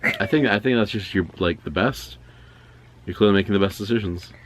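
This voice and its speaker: Low-voiced man making dry jokes. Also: brisk, a bit bright. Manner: dry, joking remarks. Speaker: podcast co-host. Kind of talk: casual chat.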